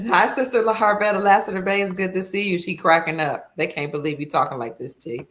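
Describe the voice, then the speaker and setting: A woman hosting a livestream talk show, asking calm questions and reading out viewer comments. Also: on the low side, fairly quick. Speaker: host.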